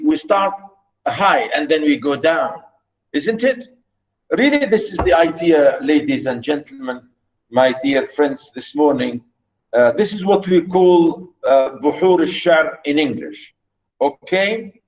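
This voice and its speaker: Slow, halting male lecturer. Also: a little high, poor audio. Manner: slow, halting delivery with frequent fillers, chanting rhythms aloud. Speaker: literature lecturer. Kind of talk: university lecture.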